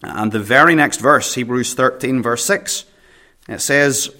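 A man's voice: medium pitch, a little slow, pushed and bright. A pastor preaching at a church prayer meeting, earnest, reading scripture in old King James wording and often repeating a word as he starts a phrase. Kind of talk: sermon.

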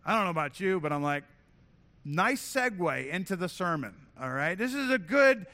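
Man, pastor, sermon, high voice, bright tone, earnest, conversational, frequent restarts. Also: big pitch swings, moderate pace. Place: church sanctuary.

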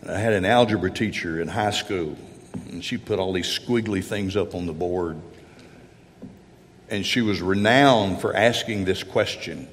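In a church sanctuary, a pastor with a lowish, animated voice preaches earnestly at a slightly slow pace. He voices heartfelt first-person prayers while addressing his congregation, and the recording carries church hall reverb.

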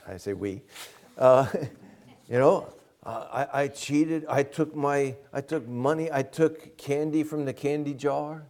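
A man's voice: medium pitch, slow pace, a little mellow. A man preaching a sermon as pastor, earnest and emphatic, asking the congregation direct questions.

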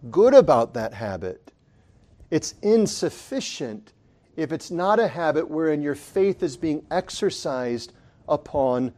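A man preaching to his congregation in an earnest, pleading sermon style. His voice sits somewhat high for a man, and he swells into impassioned emphasis before easing back to a quieter, teaching tone. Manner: addresses congregation as brethren.

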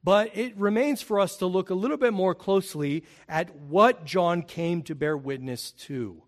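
Pastor, male, high voice, emphatic sermon delivery. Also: moderate pace. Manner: emphatic, rising in pitch and volume on key points.

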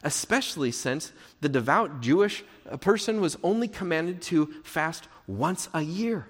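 A male pastor delivers a sermon in a fairly high voice, earnest and shifting between emphatic stress and near-whispered hush. His words ring out with a long hall reverb. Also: lively intonation, measured pace.

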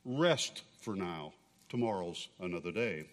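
A man's voice: mid-range voice, huge pitch swings, measured pace, pushed and bright, husky, pitched below the performer's own voice, heavily acted. A man voicing a doubtful, fussing female angel in wry, questioning storytelling, in a reverberant church hall.

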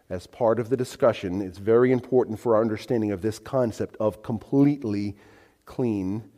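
A male pastor preaching a sermon in an animated, emphatic way that moves between soft and loud. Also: fairly low pitch, in a large hall. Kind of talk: expository sermon.

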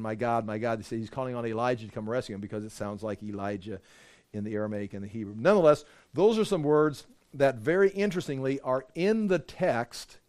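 A man's voice: mid-range voice, darkish tone, clean tone. Man teaching an informal Bible lesson. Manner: conversational, with frequent fillers and restarts; reads Bible verses aloud with emphasis.

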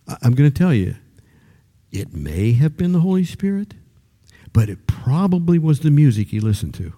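Older preacher with a mellow voice. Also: male voice, big pitch swings, moderate pace, breathy edge. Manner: conversational preaching that rises to emphatic high-pitched peaks; repeats words when starting sentences. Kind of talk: sermon.

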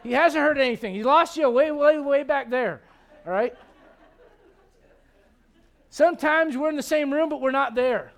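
A middle-aged male pastor preaching a sermon in an animated, joking way. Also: very high voice, normal speed, long pauses. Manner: animated, joking, acts out quoted voices.

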